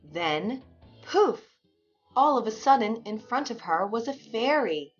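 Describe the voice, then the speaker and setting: Woman storyteller; expressive storybook narration, over soft music. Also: a little high, slow pace. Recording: dull lo-fi sound with faint music.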